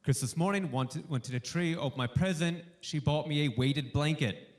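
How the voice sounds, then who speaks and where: A male stand-up comedian doing a warm-up set for a studio audience, delivering punchy jokes and acting out bits of dialogue. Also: on the high side, moderate pace. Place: live comedy show before a studio audience.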